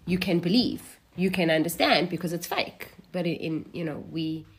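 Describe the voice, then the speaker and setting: A woman's voice: on the low side, normal speed, breathy edge. Wry South African woman guest. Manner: relaxed, wry humor. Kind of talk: casual conversation.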